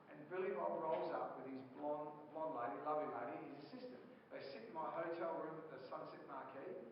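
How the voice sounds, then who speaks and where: Animated man in an echoey hall. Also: fairly high pitch. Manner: animated, acts out quoted voices, swears oaths. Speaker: speaker telling a personal story. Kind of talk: storytelling talk to an audience. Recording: distant, echoey hall, dull sound, faint noise.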